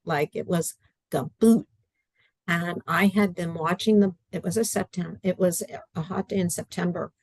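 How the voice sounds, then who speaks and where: A woman's voice: lowish voice, no room sound. A middle-aged woman talking casually as an interview guest on a video call from home, earnest and chatty, acting out her own quotes. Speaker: guest, adaptive curriculum writer. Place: at home in a study.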